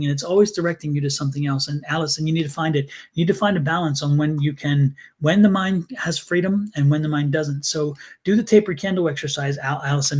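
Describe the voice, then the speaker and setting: A man giving live tarot readings on a stream, speaking earnestly and repeating himself as he calls on viewers by name. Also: a little high. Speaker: tarot reader.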